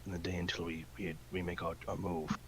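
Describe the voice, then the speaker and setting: A man playing a tabletop game, talking in a halting way with many fillers and restarts. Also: deep voice, level tone, a bit bright, slight background noise, poor audio. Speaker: player. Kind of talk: casual tabletop game chat.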